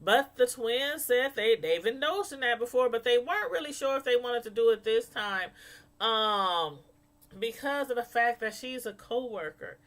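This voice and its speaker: Animated gossipy woman reviewer. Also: a little high. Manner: animated, gossipy, laughing asides. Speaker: reality TV reviewer. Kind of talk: casual gossip commentary.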